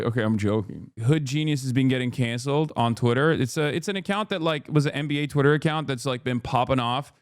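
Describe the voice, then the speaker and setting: A man hosting a live stream, ranting and joking in a profane, animated, casual way. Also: mid-range voice, fast, few pauses, smooth, no room sound, clean studio sound. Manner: joking, sarcastic. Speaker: livestream host. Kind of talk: casual livestream commentary.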